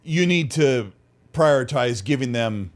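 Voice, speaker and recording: A man's voice: mid-range voice, animated, unhurried. A man co-hosting a gaming podcast, speaking in a laid-back, agreeable way. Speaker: podcast co-host. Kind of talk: casual podcast chat.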